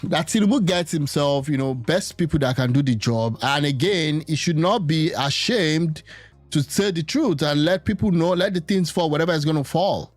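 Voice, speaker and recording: Male commentator, slightly high, hesitant, dry close sound. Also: moderate pace, no room sound, faint music behind. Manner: musing, hesitant, repeats words. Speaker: political commentator. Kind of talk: casual political commentary.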